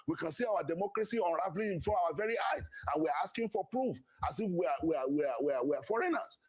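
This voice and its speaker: A man's voice: sits high, lively intonation, rapid-fire, breathy edge. A man with a Nigerian accent speaking as an opposition party spokesman, indignant and insistent. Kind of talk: political statement in a broadcast clip.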